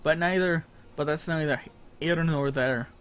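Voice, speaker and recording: A man's voice: a little high, a little slow, fairly bright tone, smooth, voice pushed up. A man reading as a blunt dockside woman. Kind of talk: reading game dialogue aloud.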